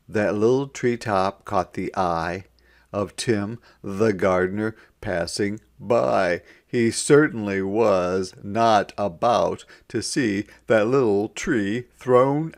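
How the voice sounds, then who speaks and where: A man reading a rhyming children's picture book aloud in a gentle, sing-song manner. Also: on the low side, vocal fry. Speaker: storybook reader. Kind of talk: children's read-aloud narration.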